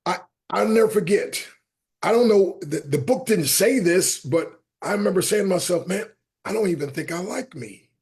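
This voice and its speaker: A middle-aged motivational speaker, appearing as a podcast guest, tells stories in an interview with a husky, somewhat high voice at normal speed. He's lively and animated, imitating the people he quotes, and his volume ranges from soft asides to near shouts.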